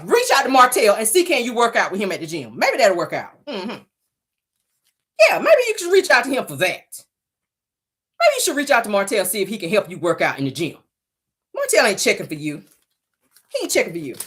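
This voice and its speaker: A woman's voice: medium pitch, fairly bright tone. A woman hosting a gossip vlog, scolding and mocking her target in a sassy voice and repeating her jabs. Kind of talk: sassy reality-TV gossip commentary.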